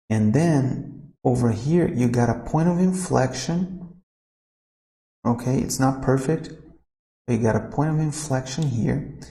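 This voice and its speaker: A man's voice: mid-range voice, gravelly, mellow, echoey room. A man teaching a recorded math lesson, thinking aloud and correcting himself informally as he works.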